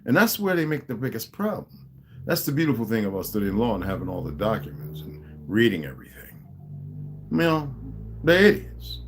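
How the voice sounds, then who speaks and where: Over soft background music, a man hosting a livestream tells stories in a rambling, casual monologue, voicing the quoted dialogue of each character. He speaks at a medium pitch in a sing-song way, a little fast.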